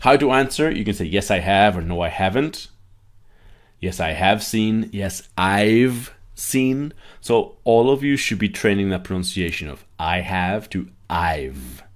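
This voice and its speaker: A man's voice: deep voice, big pitch swings, moderate pace. A man teaching English grammar in a live online class, chatty, reading out viewers' comments and often checking that they follow.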